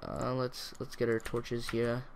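A man casually commenting as he plays a video game, rambling and chatty with sudden bursts of excitement. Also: mid-range voice, a little slow, gravelly, slight background noise. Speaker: gaming YouTuber. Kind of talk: casual let's-play commentary.

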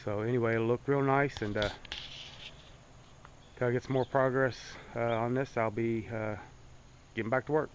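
A man's voice: medium pitch, steady tone, moderate pace, pauses often, slight background noise. A man chatting casually on his vlog, rambling and folksy, with lots of fillers. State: out of breath. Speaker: hobby farmer vlogger.

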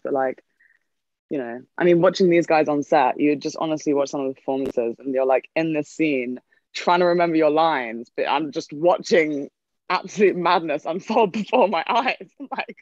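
A woman's voice: deep voice, darkish tone, no room sound. Rambling woman on a dull lo-fi call. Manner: rambling, many fillers and restarts, laughs often. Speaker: film cast member on a Q&A panel. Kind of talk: casual panel answer.

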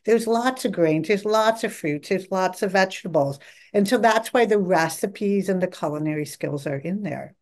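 A middle-aged woman answers questions on a podcast as a guest expert. She talks at length with eager energy and often acts out what her patients say. Her voice sits at an everyday middle pitch. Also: normal speed. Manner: enthusiastic, talkative, quotes patients in lively voices. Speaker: dietitian guest. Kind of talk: podcast interview.

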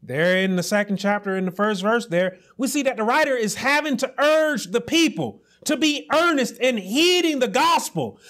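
A man pastor delivering a sermon, preaching emphatically with repeated phrases and rising to shouts. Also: very high-pitched, lively intonation, moderate pace, hardly any pauses.

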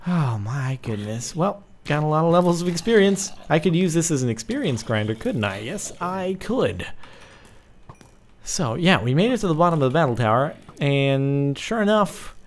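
Young man, gaming commentary, lively swooping pitch, gravelly edge, excitable yelps. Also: moderate pace, a little hiss or hum. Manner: excitable, yelps and sing-song outbursts while playing. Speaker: gaming video host. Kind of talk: casual let's play commentary.

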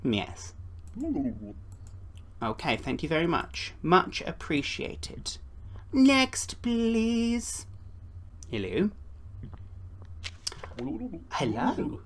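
A woman's voice: on the high side, wildly swooping pitch, slow, pauses often. A woman giving playful gameplay commentary, chatting and slipping into put-on voices for the characters. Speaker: gaming YouTuber.

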